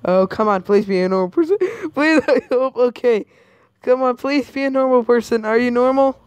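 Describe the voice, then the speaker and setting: A woman playing a scary maze game, gasping and yelling at the characters on screen. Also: fairly high pitch, normal speed, clean tone, dry recording. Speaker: gamer. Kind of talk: game commentary.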